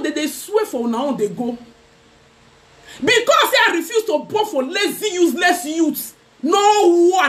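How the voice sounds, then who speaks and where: Very high-voiced, lively Nigerian woman ranting. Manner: mocking, dramatic, laughing between jabs. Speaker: vlogger. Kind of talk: heated live-stream rant in Pidgin.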